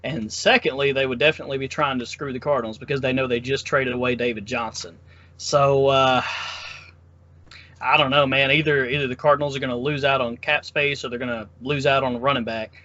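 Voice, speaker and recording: A man's voice: medium pitch, steady tone, brisk, sharp tone, lo-fi sound. A man hosting a casual sports podcast, upbeat and teasing his co-hosts. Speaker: podcast host.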